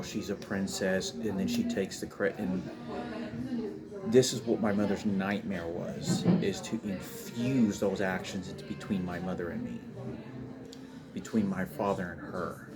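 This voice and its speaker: Low-voiced man rambling through a family story. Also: steady tone, measured pace, loud music behind the voice. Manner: rambling, emotional, frequent restarts and fillers. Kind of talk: personal storytelling monologue. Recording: noisy background ambience.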